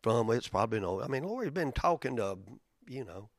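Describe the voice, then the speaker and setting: A male pastor delivers a sermon like a story told to friends. He swings from loud outbursts to hushed near-whispers. His voice sits at a middle pitch, recorded close and dry with no room sound. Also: very animated, brisk, no echo. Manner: conversational, storytelling with big swings in loudness and pitch.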